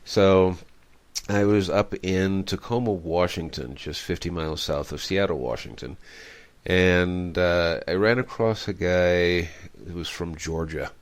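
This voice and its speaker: A man's voice: sits low, measured pace. A middle-aged man hosting a radio interview, rambling and reflective, telling stories with many fillers. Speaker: radio show host.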